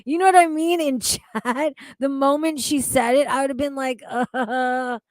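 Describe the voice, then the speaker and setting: A woman's voice: sits high, normal speed, no echo, clean studio sound. A woman streamer reacting to videos, with crude, mocking and incredulous commentary full of swearing.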